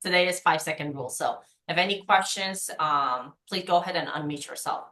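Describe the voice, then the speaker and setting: A woman coaches a sales team over a video call with lively energy. Her voice sits slightly low and rings in an echoey room. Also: fairly quick. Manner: energetic, coaching, acts out past conversations. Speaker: insurance sales trainer. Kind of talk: training call.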